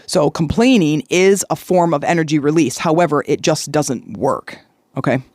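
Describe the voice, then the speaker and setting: A woman's voice: deep voice, lively intonation, moderate pace, darkish tone. A woman hosts her own podcast alone at a close mic, and the sound is dry with no room echo. She tells her story in a loose, chatty way. She keeps checking in with the listener through "okay?" and "right?". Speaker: podcast host. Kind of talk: solo podcast monologue.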